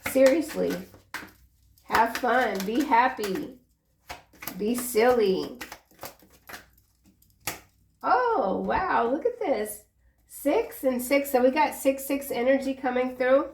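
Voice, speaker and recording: A woman's voice: sits high, expressive, takes it slowly, vocal fry, pauses often, a little mellow, distant mic, a little hiss or hum. Chatty woman tarot reader, roomy echo. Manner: chatty, earnest, encouraging, drifts into personal asides. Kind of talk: casual tarot reading monologue.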